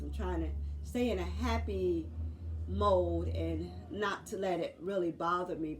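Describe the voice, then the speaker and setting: A woman in her forties speaking in an earnest, halting video diary, pausing often as she talks. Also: on the low side. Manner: earnest, halting, faith-filled, with many pauses and fillers. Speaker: nurse sharing a health journey.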